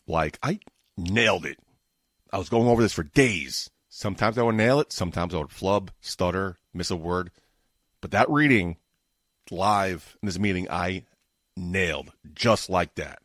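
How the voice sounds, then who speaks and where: A man in his forties with a New York accent, hosting a casual solo podcast, talking fast and prone to mumbling and exasperated rants. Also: low voice, fairly bright tone, no room sound, clean studio sound. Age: 40s. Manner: fast-talking, tends to mumble and trip over words; exasperated ranting. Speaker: podcast host. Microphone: home podcast microphone setup.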